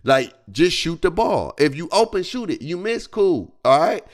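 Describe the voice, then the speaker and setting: Animated high-voiced man ranting on stream. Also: moderate pace. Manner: animated, slangy, laughing as he rants. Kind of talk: reaction stream rant.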